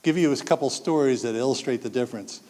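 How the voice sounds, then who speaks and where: A man's voice: medium pitch, quick pace. A man in his sixties speaking to an audience of parents, telling stories with acted-out quotes and jokes. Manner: animated storytelling, acts out quotes, jokes with the audience. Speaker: speaker giving a talk to parents. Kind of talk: public talk to an audience. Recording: long hall reverb.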